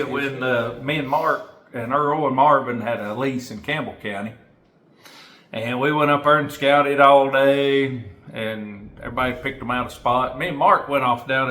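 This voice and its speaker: A man with a Southern Tennessee accent relaxedly recalling a hunting trip. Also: medium pitch. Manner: relaxed, folksy storyteller. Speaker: guest, hunter. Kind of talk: casual chat. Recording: echoey room.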